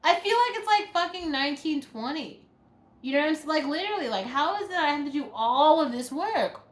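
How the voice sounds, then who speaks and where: A woman's voice: sits high, expressive, fairly quick. A woman delivering a frustrated, profane vlog rant, full of "like" fillers. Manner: exasperated, profane, many "like" fillers. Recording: roomy echo.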